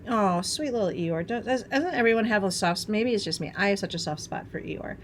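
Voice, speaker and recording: A woman's voice: mid-range voice, lively intonation, brisk, a little hiss or hum. A middle-aged woman from Wisconsin hosting a craft tutorial, chatting in a bubbly way as she works and laughing at herself. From Wisconsin, USA. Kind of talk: chatty hands-on craft demonstration.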